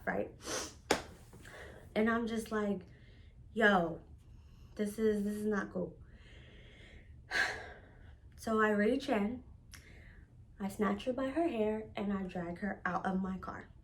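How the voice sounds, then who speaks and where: A young woman recounts a wild fight story in casual vlog style. Her voice sits a little high, and she talks with loose, profane energy, slipping into quoted voices as she goes. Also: slight background noise. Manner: animated, profane, acts out quoted lines. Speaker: storytelling vlogger.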